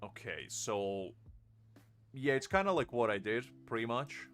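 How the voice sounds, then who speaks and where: A man's voice: mid-range voice, lively intonation, unhurried, a bit bright, faint music behind. A young man in his twenties with a British accent, chatting casually and joking while streaming a game. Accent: British English. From Ukraine. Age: 20s. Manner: rambling, joking, laughs often. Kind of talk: casual live-stream chat.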